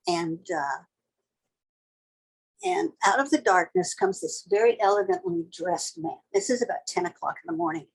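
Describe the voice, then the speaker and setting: A woman's voice: on the low side, moderate pace, husky, rough recording. An older woman, a tattoo artist, telling a vivid story in a blunt, casual and sometimes profane way.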